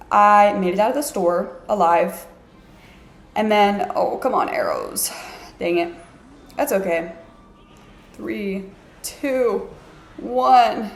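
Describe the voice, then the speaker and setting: Gravelly-voiced woman vlogging in an echoey room. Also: mid-range voice. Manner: chatty, self-mocking, heavy use of "like". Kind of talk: casual storytelling to camera. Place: her apartment.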